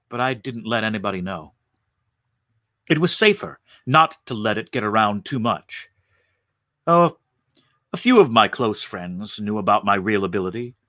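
A man voicing a calm, matter-of-fact telepathic young man of eighteen. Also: fairly low pitch, no echo, studio quality.

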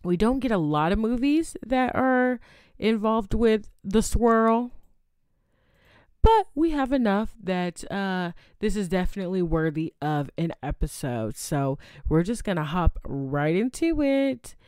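A woman's voice: mid-range voice, lively intonation, a little slow, darkish tone, clear, resonant tone, no room sound, studio quality. A young adult woman hosting her own podcast in a casual, chatty way, often adding "okay?" to her points. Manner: chatty, adds "okay?" tag questions. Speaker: podcast host. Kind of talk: casual solo podcast chat.

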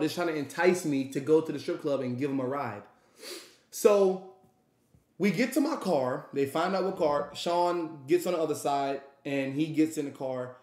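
A man's voice: on the high side, a little mellow, echoey room. A man telling a wild story in a rambling, profane way, acting out what others said. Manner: profane, rambling, acts out quotes. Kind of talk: animated storytime.

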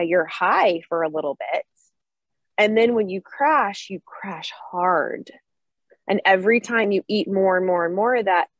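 A woman giving an earnest, animated personal testimony to an online support group. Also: medium pitch, slightly rough, no room sound, rough recording. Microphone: video call.

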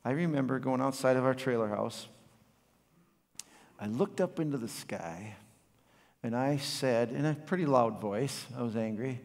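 A man's voice: mid-range voice, a little slow, pauses often. Dynamic preacher man in a reverberant hall. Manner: dynamic preaching, swinging from loud passion to quiet reflection. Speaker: pastor. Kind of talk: sermon. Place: church sanctuary.

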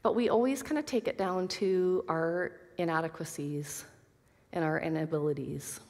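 A woman gives an earnest Bible lesson to a group of women, moving between scripture readings and casual asides. Her voice sits a little low. A long hall reverb trails after her words. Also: moderate pace, a little mellow. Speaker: Bible study teacher.

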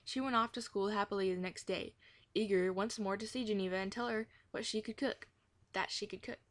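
Lady reading a kids' chapter book out loud, gentle, stumbles and fixes a word here and there. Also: medium pitch, fairly even intonation, fairly quick. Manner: gentle, with occasional self-corrections. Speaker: reader of a children's book. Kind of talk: storybook read-aloud.

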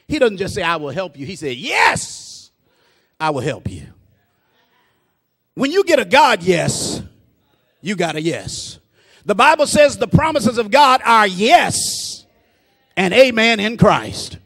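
A man preaching a fervent sermon in a strikingly high voice. He fills his lines with bursts of praise and asks the congregation to repeat after him. He climbs into shouted, rhythmic refrains. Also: sing-song, a little slow. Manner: fervent, call-and-response preaching; peppers speech with "praise God".

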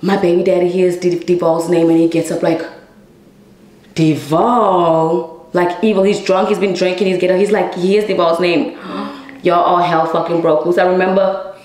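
A woman's voice: fairly low pitch, flat delivery, fairly quick, darkish tone. A woman telling a story in a casual monologue to her viewers, speaking bluntly, swearing heavily and calling them y'all. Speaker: storyteller vlogger. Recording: echoey room.

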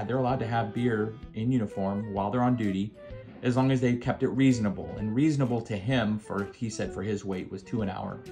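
A man's voice: fairly low pitch, warm tone. An American man in his fifties, a former Marine, telling a casual anecdote with wry asides to the listener. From United States.

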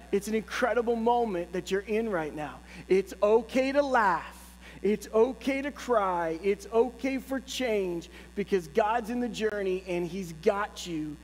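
A middle-aged man preaches from the pulpit, his voice sitting high for a man. He tells a personal story in a lively, humorous way. The sound carries a long church reverb over a faint hum. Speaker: pastor. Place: church sanctuary.

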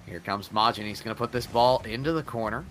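A male esports caster calling the action play by play and building excitement as a goal comes. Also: medium pitch, fast talker, over music. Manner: builds to excited calls on goals. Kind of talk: play-by-play commentary.

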